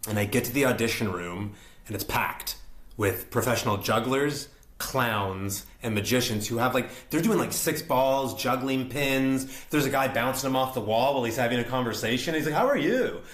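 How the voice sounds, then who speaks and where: A young adult man telling an animated story as an interview guest, acting out quotes and laughing often. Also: mid-range voice, reverberant. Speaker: actor and guest.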